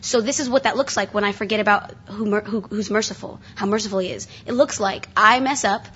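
A woman's voice: medium pitch, a little fast, a bit bright, breathy edge. A woman speaking earnestly at a conference seminar, preaching in a casual way with frequent restarts. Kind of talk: conversational sermon. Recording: dull lo-fi recording.

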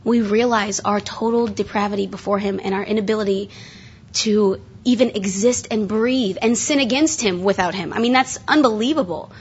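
A woman's voice: medium pitch, normal speed, slight background noise. A woman speaking earnestly at a conference seminar, preaching in a casual way with frequent restarts. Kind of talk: conversational sermon. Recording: dull lo-fi recording.

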